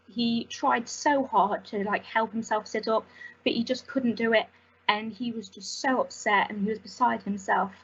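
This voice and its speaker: Husky young woman, earnest. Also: fairly high pitch, lo-fi sound. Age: young adult. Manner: earnest and halting, emotional. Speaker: volunteer. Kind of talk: personal testimony.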